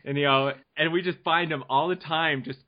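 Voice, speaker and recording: On a casual family podcast, the young male host talks at normal speed in a steady voice on the high side. Easygoing and laughing, he wanders through ideas and restarts himself, captured in dull, lo-fi sound.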